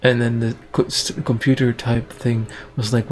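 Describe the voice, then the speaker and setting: A man improvising a story as he goes, in a rambling, hesitant way. He often restarts and fills pauses, at a mid pitch. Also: flat delivery, slight background noise.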